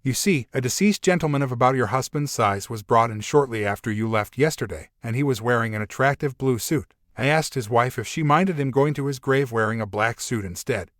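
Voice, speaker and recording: Male joke narrator, middle pitch, even storytelling read, dry studio sound. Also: no echo.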